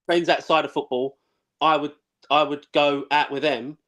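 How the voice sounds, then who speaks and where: A man, telling blunt, excitable, sweary football stories in a casual live chat. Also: fairly high pitch, moderate pace. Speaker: former footballer, guest.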